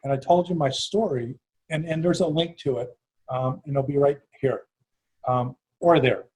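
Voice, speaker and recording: A middle-aged man with a Chicago accent hosting an interview, talking in an animated way with many restarts. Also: medium pitch, normal speed, breathy edge, rough recording. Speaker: host. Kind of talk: interview conversation.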